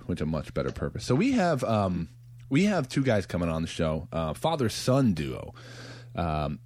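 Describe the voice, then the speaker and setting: A man's voice: low-pitched, darkish tone. A man hosting a podcast, chatting casually, laughing often and rambling with restarts. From United States. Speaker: podcast host. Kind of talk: casual chat.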